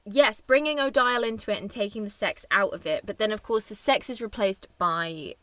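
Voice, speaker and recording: A woman's voice: mid-range voice, fairly quick, pushed and bright, no echo. A young woman co-hosting a film podcast, chatting casually and enthusiastically, laughing often. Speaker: podcast co-host.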